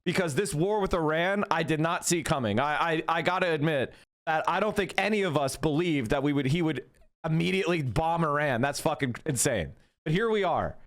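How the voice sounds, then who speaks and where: A man rants at his viewers, cursing and mocking his critics. His voice is lively, rising and falling a lot, and sits a little high. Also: fairly quick. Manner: combative, profane, mocking. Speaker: political streamer. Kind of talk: live-stream rant to chat.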